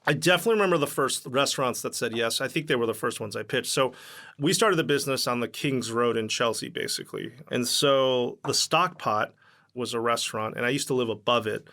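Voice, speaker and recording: A man speaks with a bright, forceful tone, rambling through his memories in a relaxed interview. He fills his talk with "like" and "um" and slips into quoting other people. His pitch sits at an ordinary middle height. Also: brisk. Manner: rambling, lots of fillers, acts out quoted dialogue. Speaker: company founder, podcast guest. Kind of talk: casual interview storytelling.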